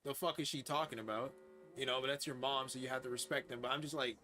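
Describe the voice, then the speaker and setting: A young man rambles through a frank, profanity-laced story while streaming a game. His voice sits at an ordinary pitch but comes across bright and forceful, full of fillers and restarts. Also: fairly even intonation, quick pace. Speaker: gaming streamer. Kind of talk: casual chat while livestreaming.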